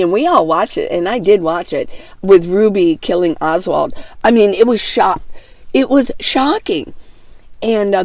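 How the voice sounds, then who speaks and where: Older woman vlogger, gravelly and mellow, rambling reflective chat, dry close sound. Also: lowish voice, no echo. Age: 60s. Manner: rambling, warm-hearted, many fillers and restarts, laughs often. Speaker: van life vlogger. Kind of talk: casual reflective monologue to camera. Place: inside a minivan.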